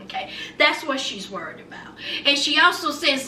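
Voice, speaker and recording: A woman hosting a casual reality TV recap, telling the story in a sassy, animated way and talking straight to her viewers. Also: very high-pitched, moderate pace. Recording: roomy, distant mic with faint background noise.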